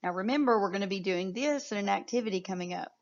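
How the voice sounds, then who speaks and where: A woman teaching a phonics lesson to young children, sounding out words clearly and praising often. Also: medium pitch, quick pace, muffled recording.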